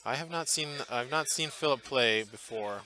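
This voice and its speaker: Bright-voiced man commentating a tabletop game. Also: mid-range voice, moderate pace. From Portland area, US. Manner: chatty, thinking aloud with many fillers and restarts. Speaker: tournament commentator. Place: tournament hall booth.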